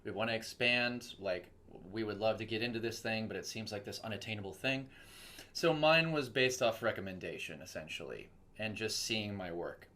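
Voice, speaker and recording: A man's voice: lowish voice, moderate pace. A young man, a voice actor from Texas, chatting casually in an interview and acting out quoted voices as he tells stories. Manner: animated storytelling with quoted voices. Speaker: voice actor guest.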